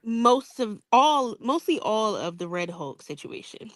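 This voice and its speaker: A woman co-hosting a casual film review chat, unhurried and teasing, laughing often. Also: on the high side, very animated, no echo.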